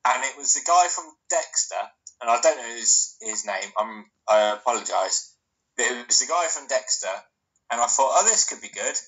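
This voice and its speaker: A man's voice: mid-range voice, animated, normal speed, a bit bright, lo-fi sound. A man who is drunk, chatting casually as co-host in rambling, joking banter. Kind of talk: casual chat.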